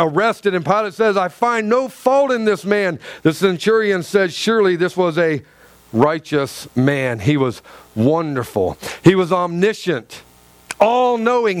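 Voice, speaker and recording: A man preaching a sermon in a church, impassioned and repetitive, acting out quoted lines with swings between loud and soft. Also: sits high, no room sound.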